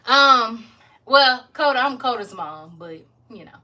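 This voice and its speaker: A woman, chatting casually to her viewers while she cooks in her home kitchen, folksy and quick to laugh. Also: fairly high pitch, expressive, pushed and bright. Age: 30s. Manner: chatty, folksy, laughs often, Southern country slang. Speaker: cooking vlogger. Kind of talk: casual cooking chat to viewers.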